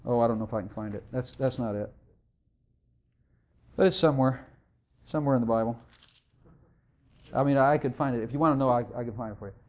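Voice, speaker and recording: A pastor preaching a sermon, emphatic and repetitive, hammering each point home and sometimes mumbling quietly while looking something up. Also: mid-range voice, quick pace, pauses often. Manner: drops to quiet mumbling when searching for a verse. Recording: dull lo-fi recording.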